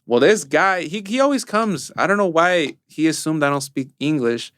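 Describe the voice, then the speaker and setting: A man's voice: on the high side, expressive, moderate pace, fairly bright tone, clear, resonant tone, no echo, studio quality. A young man co-hosting a casual podcast, telling work stories and mixing in Spanish phrases. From Mexico. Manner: storytelling, mixes in Spanish phrases. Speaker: podcast co-host. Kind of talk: casual chat.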